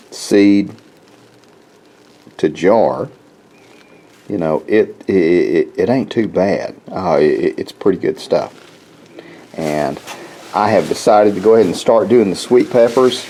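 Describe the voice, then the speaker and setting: Slow, low-voiced man chatting in his garden. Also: mellow, slight background noise, rough recording. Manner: rambling, folksy, repeats words. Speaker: homestead vlogger. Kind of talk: casual walk-through chat. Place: outdoors in a garden.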